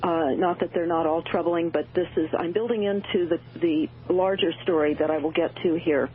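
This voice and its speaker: A woman's voice: fairly low pitch, steady tone, normal speed, a little hiss or hum. A woman talking as a radio show guest, urgent and full of uh and um fillers. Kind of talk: radio call-in talk. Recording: tinny phone line.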